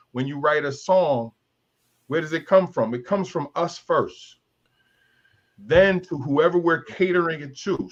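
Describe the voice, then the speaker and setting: A man in his fifties leads a candid panel talk, making his points through stories and by acting out other people's voices. His voice sits a little high for a man. The stream audio is dull and lo-fi. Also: a bit bright. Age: 50s. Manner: storytelling, acts out voices of others. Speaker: talk show host.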